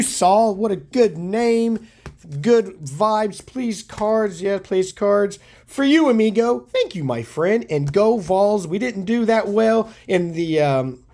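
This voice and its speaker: A hoarse man hosting a card collecting channel, chatting casually and enthusiastically as he opens his mail. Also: high voice. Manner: upbeat, enthusiastic, shouts out teams. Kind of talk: casual chat opening mail.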